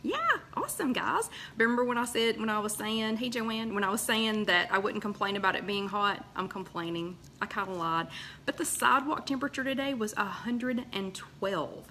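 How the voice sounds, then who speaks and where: Woman, live-stream host, chatty, bright tone, light hiss. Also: mid-range voice, normal speed. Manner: chatty, greets viewers by name, frequent fillers. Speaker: host of a live weight-loss chat. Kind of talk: casual live-stream chat, greeting viewers.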